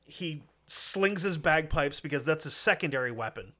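A man's voice: on the high side, animated, normal speed, sharp tone. A man telling a war story in a casual podcast chat, profane and emphatic.

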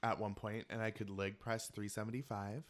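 A man hosting a casual podcast chat, campy and animated, telling stories with lots of laughter while eating. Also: fairly low pitch, moderate pace. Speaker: podcast host. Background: eating while talking.

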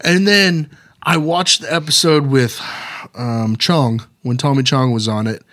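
A man co-hosting a podcast, telling stories in a casual, animated, profane way. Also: mid-range voice, a little slow. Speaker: podcast co-host. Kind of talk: casual chat.

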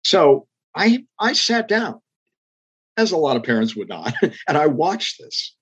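An older man recounting his career in an interview, his voice a little husky at mid pitch. He speaks earnestly and reflectively, lifting into emphatic rises. The recording sounds slightly muffled and lo-fi. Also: sing-song, a little slow, fairly bright tone. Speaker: interview guest, former public TV executive. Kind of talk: storytelling interview.

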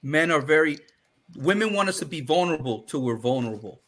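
A man's voice: on the high side, animated, fairly quick. A man co-hosting a podcast, talking earnestly and emphatically in casual discussion. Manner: earnest, emphatic, gets loud and fired up. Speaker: podcast co-host.

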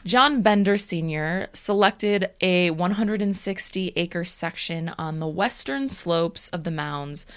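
A woman's voice: fairly low pitch, takes it slowly, hardly any pauses, fairly bright tone, clear, resonant tone. A woman podcast host narrating a story in a casual, wry way, with fillers.

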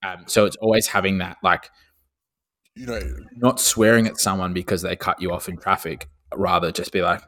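Young male co-host, deep voice, loose and profane, laughs a lot. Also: normal speed. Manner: swears freely, animated and laughing. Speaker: podcast co-host. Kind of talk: casual chat.

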